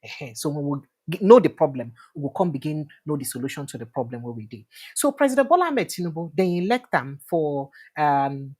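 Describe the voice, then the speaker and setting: A woman's voice: deep voice, lively intonation, brisk, few pauses, darkish tone, breathy edge. A woman with a Nigerian accent hosting a livestream interview, chatty and informal, with filler sounds. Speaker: host. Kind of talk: livestream interview, switching between Pidgin and English.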